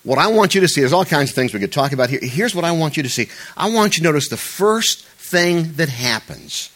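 A male pastor delivers a sermon in a casual, conversational way and breaks off now and then for jokes. His voice sits fairly high and swings widely in pitch. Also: brisk. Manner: animated, conversational, jokey asides.

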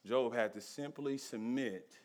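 In a church, a male pastor delivers a sermon at a measured pace in a medium-pitched voice. His tone stays conversational, shifting between loud emphasis and hushed intensity.

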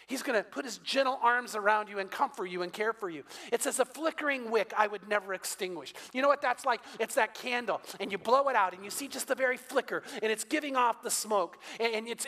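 A man's voice: extremely high pitch, bright, forceful tone. An older man preaching a sermon, with a conversational, storytelling manner and touches of humor. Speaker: pastor. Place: church sanctuary. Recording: long hall reverb.

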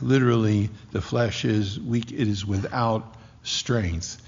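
A man preaching a sermon with impassioned, slowly drawn-out emphasis. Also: fairly low pitch, fairly even intonation. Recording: dull lo-fi with long hall reverb.

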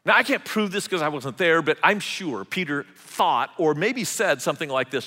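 Pastor delivering a sermon, lively pitch, bright tone, long hall reverb. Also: male voice, moderate pace, few pauses. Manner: animated, repeats words as he talks.

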